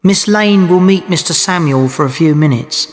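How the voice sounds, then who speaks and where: A man's voice: fairly high pitch, normal speed, pitched above the performer's own voice, lightly acted. A man reading aloud voices an earnest, anxious young woman bodyguard in a story. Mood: worried. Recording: long hall reverb.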